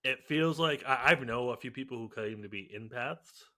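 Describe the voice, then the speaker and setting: A young man co-hosting a podcast, talking in loose, rambling chat full of ums and quick laughs. His voice is bright and a bit tense, with a middling pitch. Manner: rambling, filler-heavy, laughs often. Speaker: podcast co-host.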